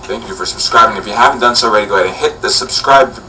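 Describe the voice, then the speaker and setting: A man's voice: lowish voice, very fast, bright, forceful tone. A man in his twenties hosting a casual vlog, chatty and rambling with many fillers. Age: 20s. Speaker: vlogger host. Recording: distant camera mic with faint hum.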